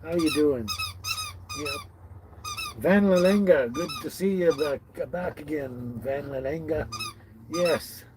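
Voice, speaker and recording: His pitch runs on the high side and swings widely as he takes things slowly, pausing often, with noise in the background. He's a livestream host from British Columbia, Canada, greeting viewers by name in a folksy, casual way from a tiny house where dogs are close by.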